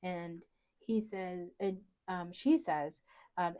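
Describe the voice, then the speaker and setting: A woman's voice: fairly low pitch, slow pace, warm tone. A woman co-hosting a student podcast, talking through ideas in a casual academic discussion, hesitant and full of fillers.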